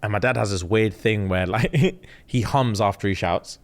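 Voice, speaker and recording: A young man co-hosting a podcast, telling animated stories with lots of swearing in casual chat. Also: on the low side, moderate pace. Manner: animated storytelling, swears often. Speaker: podcast co-host.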